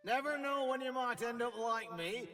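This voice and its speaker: An actor voicing the chatty ghost of an old mill overseer, with a northern English accent and a folksy, drawling manner. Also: male voice, very high voice, expressive, moderate pace, sharp tone, far from the mic, faint music behind, full character voice. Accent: northern English, as acted.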